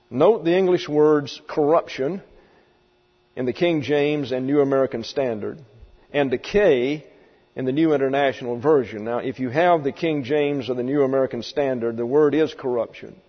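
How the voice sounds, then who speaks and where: A man teaching a Bible lesson, halting and full of folksy asides and restarts, recorded in a reverberant hall. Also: mid-range voice, highs cut off.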